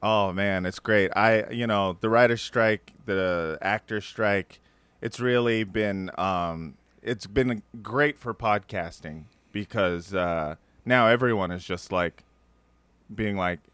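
A man's voice: on the low side, takes it slowly, fairly bright tone, smooth, no room sound. A man guesting on a comedy podcast, riffing loosely and joking through the chat. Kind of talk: casual comedic banter. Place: Los Angeles.

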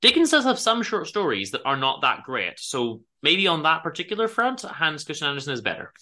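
A man co-hosts a casual book podcast, retelling fairy tales with an animated storyteller's flair. His pitch rises and falls freely, and his tone is bright. He fills his talk with ums and quick self-corrections. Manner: animated storytelling, acts out characters. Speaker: podcast co-host.

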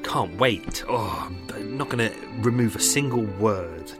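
A man's voice: on the low side, expressive, a little slow, few pauses, over music. A man hosting a true crime podcast, rambling casually with many fillers and restarts, a little out of breath. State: slightly out of breath. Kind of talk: casual unscripted narration.

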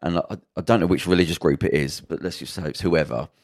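A man's voice: low-pitched, quick pace, a little mellow. A man on a podcast, casually retelling a drama's plot and acting out the characters' lines, swearing freely. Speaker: podcast co-host.

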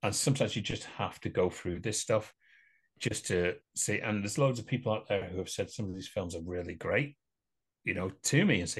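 A man's voice: lowish voice, fairly quick, breathy edge. A man co-hosting a casual podcast, talking about films at length in a rambling, opinionated way with frequent laughter. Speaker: podcast co-host. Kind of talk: casual podcast film chat.

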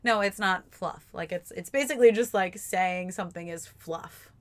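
A young woman co-hosting a podcast in casual chat, animated and full of "like"s as she acts out her own past remarks. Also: fairly low pitch, moderate pace. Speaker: podcast co-host.

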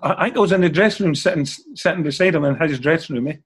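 Speaking rapid-fire with a fairly high pitch and a breathy edge, an older man with a Scottish accent swaps stories as an interview guest. He's chatty, and his phrases often close on a questioning "eh?".

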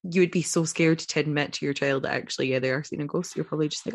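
A Scottish woman with a fairly low-pitched voice chats casually. She co-hosts a podcast and speaks in a relaxed, wry way, often dropping her voice. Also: quick pace, gravelly, no echo. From Scotland. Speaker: podcast co-host. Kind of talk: casual chat.

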